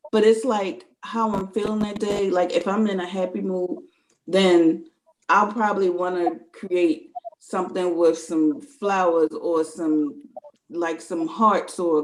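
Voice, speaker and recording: A woman's voice: fairly low pitch, poor audio. A woman guest in a casual conversation, talking earnestly and rambling, filling her talk with "like". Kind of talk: casual chat.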